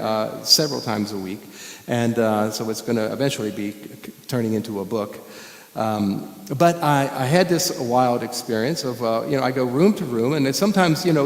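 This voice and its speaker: A middle-aged man, a guest musician, telling stories to a congregation in a church, animated and chuckling often. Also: mid-range voice, vocal fry. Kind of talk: storytelling talk to a congregation. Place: church sanctuary. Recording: echoey hall with long reverb.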